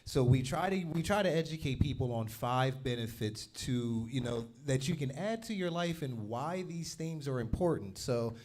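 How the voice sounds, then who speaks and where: A male co-host leads a segment on a live talk show in an upbeat, informal way. His voice sits at a middle pitch. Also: animated, normal speed, few pauses, darkish tone.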